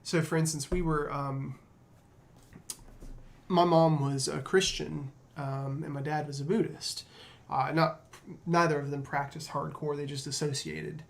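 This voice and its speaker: A man's voice: a little high, steady tone, a little slow, gravelly. A man hosting a casual discussion, reflective and storytelling, with frequent fillers. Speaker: podcast host.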